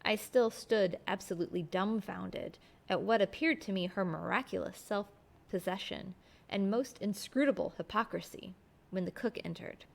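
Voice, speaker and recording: A woman storyteller reading a classic novel aloud in a steady, expressive way. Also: mid-range voice, normal speed, gravelly.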